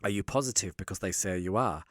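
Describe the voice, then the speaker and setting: A man telling a story as an interview guest, lively and acting out the dialogue he quotes. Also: deep voice, quick pace, dry recording, clean studio sound. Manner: animated, acts out quoted dialogue.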